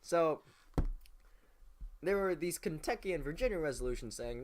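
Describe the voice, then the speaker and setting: Casting: a man telling history casually, profane and rambling, slightly high voice, very lively pitch. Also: normal speed, long pauses. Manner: rambling, profane, jokey, slips into mock voices. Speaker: comedic history narrator. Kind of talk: casual comedic history recap.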